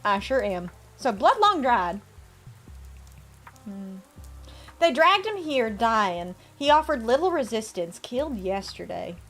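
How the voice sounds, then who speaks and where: A woman streams a game live, her high voice jumping around animatedly as she chats playfully with her viewers. She reads the game's lines aloud between remarks, with soft music playing underneath. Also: big pitch swings, slow pace, pauses often. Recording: faint music behind.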